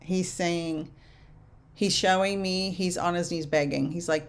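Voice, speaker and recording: Woman, young adult, medium, low-pitched, soft and halting, casual live reading. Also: fairly even intonation, clear, resonant tone. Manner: soft, halting, relays spirit messages. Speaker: medium answering viewer questions.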